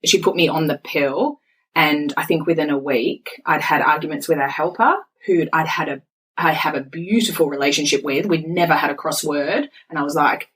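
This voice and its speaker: A woman in her forties, a podcast guest speaking frankly and telling stories in an animated way. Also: deep voice, moderate pace, low-quality recording. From Australia. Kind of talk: candid podcast conversation.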